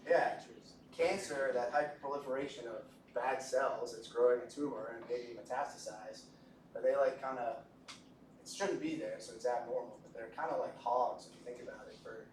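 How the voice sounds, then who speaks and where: A man's voice: mid-range voice, normal speed, a little mellow. Joking male lecturer in an echoey room. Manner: jokey, conversational, asks the class questions. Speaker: medical lecturer. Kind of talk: classroom lecture. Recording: echoey room from a distance with faint noise.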